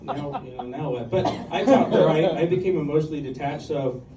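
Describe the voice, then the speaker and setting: A man in his fifties does a conversational, self-deprecating stand-up set on a comedy club stage, full of ums and likes. His voice is fairly high and brisk, captured from a distance in an echoey room with crowd noise, audience laughter, and room ambience.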